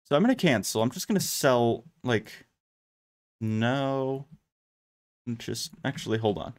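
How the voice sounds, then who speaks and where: A man's voice: medium pitch, animated, unhurried. Male gaming host, casual commentary over his own play, rambling and chatty, talks through each step. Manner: chatty, thinks aloud with frequent fillers and restarts.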